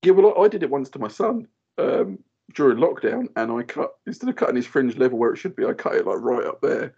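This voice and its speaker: A man in his thirties, a podcast co-host telling animated stories in casual chat and acting out what others said. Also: mid-range voice, fast talker, vocal fry, breathy edge, highs cut off. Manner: animated storyteller, acts out quoted voices.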